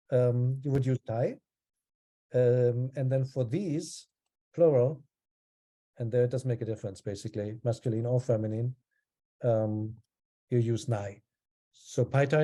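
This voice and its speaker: Relaxed man teaching a class online. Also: mid-range voice. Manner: relaxed, explanatory, with frequent ums.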